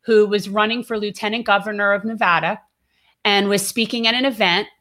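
A woman's voice: mid-range voice, steady tone, a little fast, fairly bright tone. A woman co-hosting a casual political talk show, outspoken and emphatic, her voice rising when she gets heated. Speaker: co-host.

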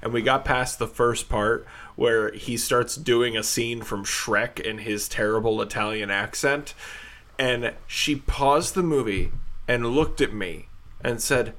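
A young man tells a funny story on a podcast. His voice is bright and forceful at a middle pitch, and he acts out the lines he quotes with animation. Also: measured pace. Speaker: podcast co-host.

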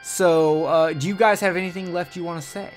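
Male podcast host, fairly high voice, rambling, crude jokes, casual outro chat. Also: steady tone, brisk, faint music behind.

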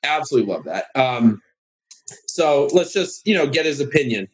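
Speaking at normal speed, the man is a guest on a casual podcast, working through a long anecdote. Sarcasm and animation run through it, along with high-voiced impressions of other people.

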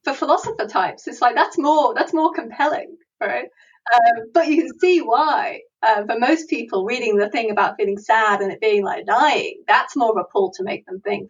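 Woman panelist, husky, slightly high, animated, heard set back from the mic. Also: moderate pace, distant mic, muffled recording. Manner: lively, animated, laughs often, quotes imagined voices. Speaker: philosophy panelist. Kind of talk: casual academic discussion.

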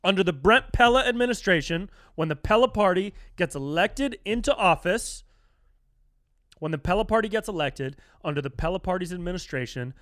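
A young solo podcaster with a high-pitched voice rants comically and profanely, animated and slangy, peppering everything with "dude" and "bro." The audio is dry and clean, studio grade.

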